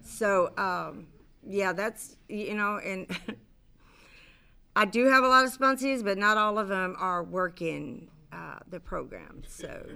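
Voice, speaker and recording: A woman's voice: mid-range voice, slow, vocal fry, pushed and bright, clean tone. A middle-aged woman speaking to a recovery convention, sharing her story candidly. She rambles with many fillers and restarts and swears casually. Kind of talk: personal share to an audience. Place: convention stage.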